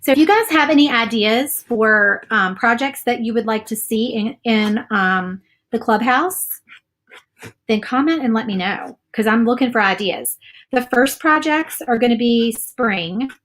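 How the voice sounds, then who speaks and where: A woman's voice: a little high, animated, a little slow, fairly bright tone. A woman hosting a casual live craft demo, chatting and reading viewer comments while she paints. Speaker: craft video host.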